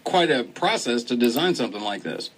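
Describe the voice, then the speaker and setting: A man's voice: medium pitch, big pitch swings, a little fast, a little hiss or hum, rough recording. A man hosting a radio interview, often stammering and repeating his words. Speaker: radio host.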